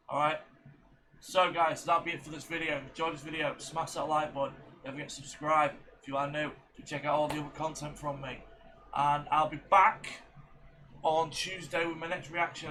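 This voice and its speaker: A man's voice: fairly high pitch, noisy background. A tired, middle-aged man hosting a reaction video, chatting casually in a rambling way with many fillers. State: tired and yawning.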